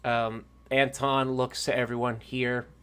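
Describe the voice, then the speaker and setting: A man's voice: mid-range voice, flat delivery, unhurried, fairly bright tone, clear, resonant tone. A man narrating a tabletop game as game master, casual and rambling, with fillers and the odd swear.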